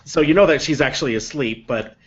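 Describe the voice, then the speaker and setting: A man narrating a tabletop game as game master, unhurried and halting, filling pauses with ums. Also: on the high side, highs cut off, crowd noise.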